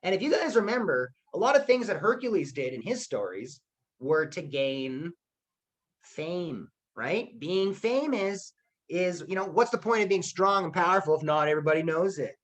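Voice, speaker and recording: A male history teacher retelling a myth in a playful, animated online class. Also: high-pitched, moderate pace, low-quality recording.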